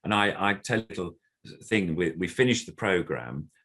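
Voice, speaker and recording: A man's voice: low-pitched, animated, normal speed, fairly bright tone. An older man, a puppeteer, telling a story in casual conversation, rambling with plenty of fillers and acting out the lines of others. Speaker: puppeteer guest. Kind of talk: casual anecdote.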